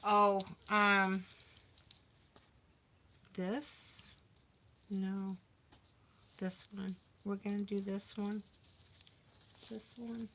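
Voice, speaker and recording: A woman's voice: mid-range voice, level tone, drawn-out words, pauses often, sharp tone, slight background noise. A middle-aged woman hosting a crafting livestream, chatting casually and talking to herself as she works. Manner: chatty, talks to herself while working. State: overheated, having a hot flash.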